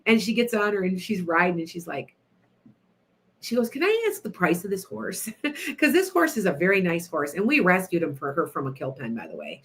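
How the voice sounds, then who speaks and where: Chatty middle-aged woman hosting a show. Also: medium pitch. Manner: chatty, animated, laughs often, talks to listeners by name. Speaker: radio show host, psychic. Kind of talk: casual storytelling to listeners.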